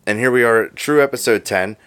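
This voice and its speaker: A man with a medium-pitched, fast, slightly bright and smooth voice co-hosts a casual podcast into a studio microphone with no room sound. He's laid-back and joking, swearing freely as he chats.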